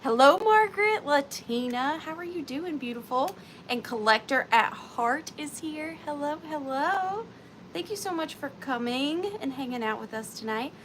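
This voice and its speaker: A woman's voice: sits high, animated, normal speed, fairly bright tone, a little hiss or hum. A woman hosting an antique and vintage live sale, chatting casually and greeting viewers by name in a chatty, self-deprecating way.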